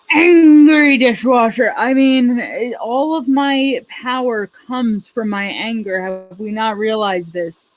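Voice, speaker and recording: A woman's voice: a little high, slow pace, few pauses, low-quality recording. A woman live streaming, rambling casually to her chat in a blunt, profane way. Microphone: laptop mic.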